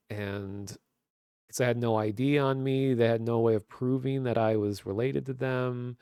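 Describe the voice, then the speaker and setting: Man, Minnesotan accent, 30s, casual streamer chat, rambling, lots of "like", middle pitch, dry room. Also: fairly even intonation, normal speed, warm tone, clear, resonant tone, dry recording. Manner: rambling, many "like" fillers. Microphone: webcam stream mic.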